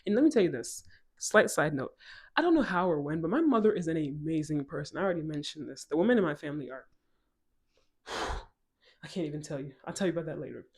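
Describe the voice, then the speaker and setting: A woman from Ghana tells a personal story straight to camera in a casual vlog. She speaks in an animated, emphatic way and wanders off on side tangents before coming back to her story. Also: low-pitched, fast, long pauses, breathy edge. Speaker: vlogger.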